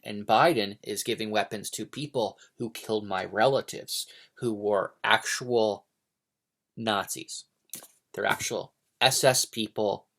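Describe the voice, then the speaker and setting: Rambling, hesitant American man. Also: medium pitch. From United States. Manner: hesitant, many fillers and restarts; digressive, opinionated. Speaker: book vlogger. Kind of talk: casual rambling monologue.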